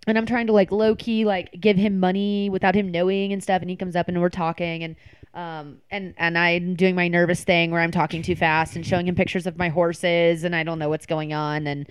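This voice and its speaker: Young woman, casual storyteller: rapid, smooth, animated, lots of "like". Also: on the low side, no room sound. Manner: animated, chatty, many "like" fillers.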